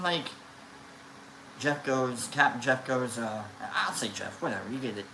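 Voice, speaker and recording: A woman with a low voice tells a casual, rambling story on a livestream, stumbling over restarts and fillers. Her voice rings in an echoey room. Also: expressive, a little slow, fairly bright tone, a little hiss or hum. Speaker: live streamer.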